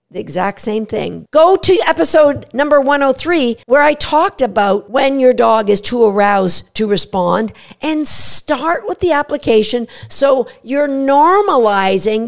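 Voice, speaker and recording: A woman hosting a podcast on dog training, talking energetically and acting out the dog's voice in quick asides. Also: on the high side, gravelly. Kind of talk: solo podcast teaching.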